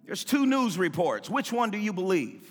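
A man preaching a sermon as pastor, impassioned, swinging between shouts and sing-song cadences. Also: sits high, sing-song, moderate pace, long reverb tail, faint music behind. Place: church sanctuary.

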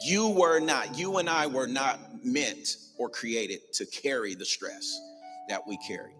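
A pastor with a medium-pitched, fairly bright voice preaches at a measured pace in a church sanctuary. He drives his points home passionately, repeating phrases for emphasis, while the large hall adds long reverb and faint music plays behind him.

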